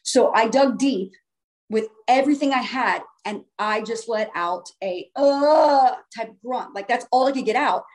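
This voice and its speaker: Woman, higher voice, casual first-person storyteller, earnest and emphatic, restarts phrases. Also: normal speed.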